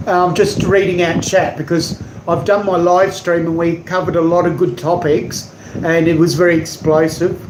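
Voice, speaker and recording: A rambling man talks casually on his live stream, wandering from point to point and tripping over words. His voice sits high for a man. The room is echoey, with a loud air-conditioner hum behind him. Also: flat delivery, moderate pace. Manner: rambling, warm, digressive, stumbles over words. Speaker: live-streaming artist and channel host. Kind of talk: casual live-stream chat reading out viewer comments.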